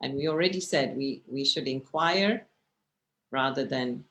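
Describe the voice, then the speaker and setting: A woman's voice: a bass voice, unhurried, a bit bright. A woman teaching a communication class over a video call, talking conversationally and often checking in with the listeners. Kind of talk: online lecture with slides.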